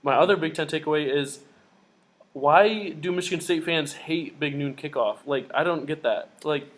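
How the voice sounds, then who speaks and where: An excitable young man chats about college football as a podcast co-host. His voice sits a little high. He talks fast and gets worked up. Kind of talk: casual sports chat.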